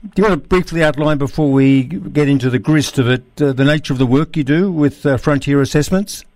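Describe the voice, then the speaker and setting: A man hosting an interview, introducing his guest and prompting him with measured questions. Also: on the high side, darkish tone, no echo. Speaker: interview host. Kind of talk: radio-style interview.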